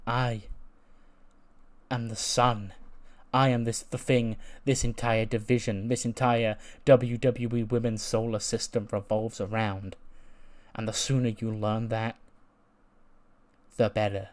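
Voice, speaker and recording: A man's voice: on the low side, little pitch movement, natural voice. A man reading as an arrogant woman wrestler. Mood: cold boastful. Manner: grandiose, menacing, measured.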